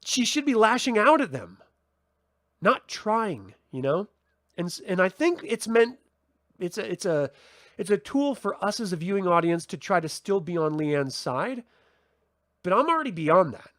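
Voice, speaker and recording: A man's voice: high-pitched, sing-song, normal speed, fairly bright tone, dry recording, clean studio sound. A man hosting a casual solo TV review, chatty and rambling, with fillers and restarts. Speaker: TV review host.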